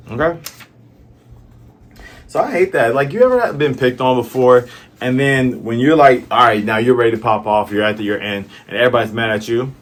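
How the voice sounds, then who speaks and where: A man from the American South, a manga reviewer, chats his way through a manga chapter in casual, musing commentary packed with fillers. His voice is medium-pitched and a little fast.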